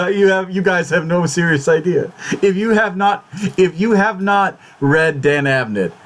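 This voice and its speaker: A man's voice: high voice, unhurried, a bit bright. A man hosting his own vlog, talking casually and fretfully, swearing often and restarting his words. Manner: swears a lot, repeats and restarts words in agitation; fretful, exclamatory. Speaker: YouTube channel host.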